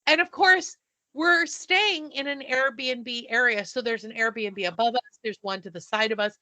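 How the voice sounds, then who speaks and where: A woman co-hosting a podcast, telling a story in a casual, animated way and acting out the dialogue. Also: a little high, unhurried, no echo. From not from the South. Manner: animated, breathless retelling with quoted dialogue. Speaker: podcast co-host.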